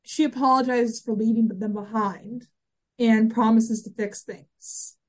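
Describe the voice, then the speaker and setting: This podcast co-host has a voice on the high side, with fairly even intonation and a measured pace. Chatting casually through an episode recap, she keeps restarting her sentences and dropping in fillers.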